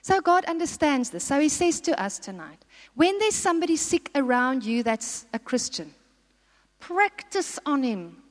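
High-pitched lady preaching, booming hall echo, keeps asking the crowd stuff. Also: sing-song, unhurried. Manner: exhorting, asks the audience questions. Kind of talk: sermon. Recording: long hall reverb.

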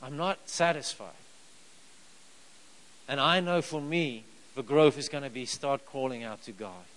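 A man's voice: mid-range voice, unhurried, fairly bright tone, poor audio. A man preaching a sermon in a conversational way, asking the room questions and chuckling as he tells the story. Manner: conversational, asks the crowd rhetorical questions; chuckles while telling the story.

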